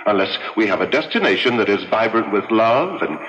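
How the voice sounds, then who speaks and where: An actor playing a dry, sardonic ghost husband in an old-time radio drama. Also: male voice, fairly low pitch, expressive, a little fast, fairly bright tone. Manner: drawling, sardonic. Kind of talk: 1940s radio acting. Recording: muffled radio with hall reverb.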